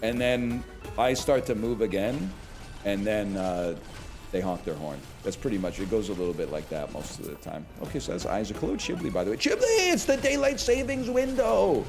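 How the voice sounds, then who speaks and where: A man's voice: low-pitched, a little fast, over music. A man in his thirties, a streamer chatting casually and jokingly while he plays a video game, drifting from one tangent to the next. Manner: rambling, joking, wanders off on tangents.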